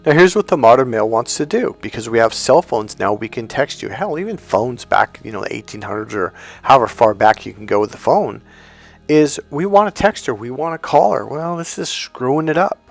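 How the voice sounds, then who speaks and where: A man's voice: medium pitch, animated, brisk, gravelly, faint music behind. A man talking as a dating coach, casual and direct, acting out quoted women in a raised voice. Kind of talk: casual direct-to-camera talk.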